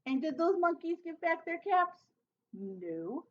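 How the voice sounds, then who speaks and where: A woman teacher reading a picture book aloud to children, pausing to ask them questions and prompt them to act along. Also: very high-pitched, highs cut off. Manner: interactive, asks children questions. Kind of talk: storybook read-aloud for children.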